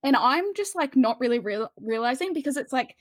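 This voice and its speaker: Woman, podcast co-host, chatty and self-deprecating, a bit high-pitched, dry close mic. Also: lively intonation, brisk, no echo. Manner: chatty, self-mocking, rambling. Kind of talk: casual chat.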